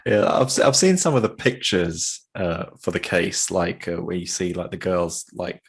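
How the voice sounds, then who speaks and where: A man's voice: low-pitched, lively intonation, moderate pace, creaky, husky. A man co-hosting a podcast in casual chat, talking in hesitant bursts with restarts. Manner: hesitant, many fillers and restarts. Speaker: podcast co-host.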